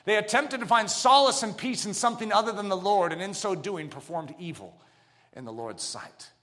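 Bright, forceful man delivering a sermon, pitched high with his voice leaping all over the place. He lurches from hushed, almost whispered lines to loud shouts, and his words ring out with the long reverb of a large church. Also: lively intonation, moderate pace. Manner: dramatic, swings from near whispers to shouts. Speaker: pastor.

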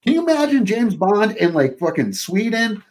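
A man's voice: high voice, normal speed, a little hiss or hum. A Canadian man, an actor appearing as a podcast guest, chatting casually and animatedly while swearing freely. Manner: animated storyteller, swears casually, puts on accents. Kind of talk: casual chat.

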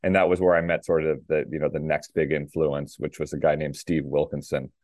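A middle-aged man from Minnesota with a very deep, low voice tells the story of his tennis career as an interview guest. He talks in an easy, rambling way, full of fillers and restarts. The recording is dry and close, with no room sound. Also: level tone, fairly quick, a little mellow, dry recording. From Minnesota, USA. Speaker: guest, former pro tennis player. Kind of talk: casual interview talk.

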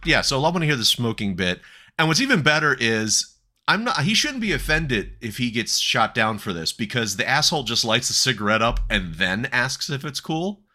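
A man hosting a casual film review chat, wry and quick to laugh. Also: medium pitch, sing-song, bright, forceful tone. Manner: wry, laughs often, talks through a plot summary. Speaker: podcast host reviewing a film.

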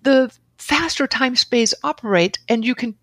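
A middle-aged woman, a guest on a podcast, telling a personal story in an animated way, laughing often and acting out her own inner dialogue. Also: fairly high pitch, unhurried, dry recording. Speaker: podcast guest, author and seminar leader.

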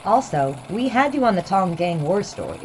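A woman playing a brisk newspaper editor leading a meeting, businesslike. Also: fairly low pitch, sing-song, a little mellow, a little hiss or hum, low-quality recording. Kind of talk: audio drama acting.

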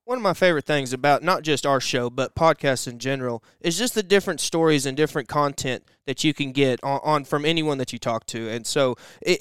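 A man's voice: mid-range voice, fairly bright tone, smooth, no echo, studio quality. A man hosting a podcast, introducing clips with effusive enthusiasm. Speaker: podcast host. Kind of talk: podcast narration between clips.

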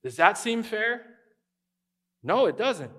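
A man preaching a conversational sermon as pastor, animated and acting out quoted voices. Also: sits high, takes it slowly.

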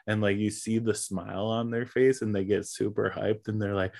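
A man's voice: fairly low pitch, steady tone, fairly quick, vocal fry, few pauses, a little mellow. A man co-hosting a podcast, chatting casually in an upbeat, joking way. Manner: upbeat, joking, laughs often. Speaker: podcast co-host. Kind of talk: casual chat.

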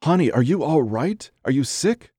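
A tearful, trembling young woman, as a male narrator puts her on, her voice lifted high and shaky. She sounds close and dry, with no room around her. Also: animated, normal speed, mellow, slightly rough, no echo. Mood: worried. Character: frightened young woman lying to her man.

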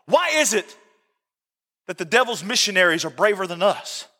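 Male pastor, very high bright voice, fervent repetitive preaching, church hall reverb. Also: expressive, moderate pace. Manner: impassioned, repeats phrases, addresses congregation directly. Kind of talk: sermon. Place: church sanctuary.

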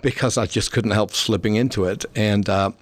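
A man's voice: fairly low pitch, steady tone, no echo. Older man with mixed English accent. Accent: mixed English, Manchester and Cornish. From England. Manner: halting, with frequent restarts and pauses. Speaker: interviewee. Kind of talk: reflective conversation.

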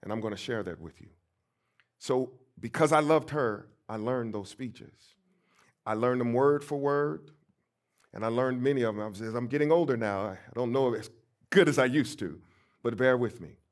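A middle-aged pastor from St. Louis, USA, delivers a storytelling sermon in a mid-range voice at a moderate pace. He's emphatic, swinging between soft and loud.

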